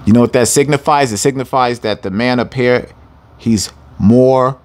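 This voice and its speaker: A Bible teacher gives a scripture lesson in a mid-range voice at normal speed. He speaks emphatically, repeats phrases for stress, and calls his listeners family.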